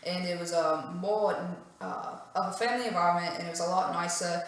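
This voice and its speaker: A woman's voice: on the low side, steady tone, brisk. Dry, sassy English woman in an echoey room. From England. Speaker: guest actress. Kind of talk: comedic interview chat.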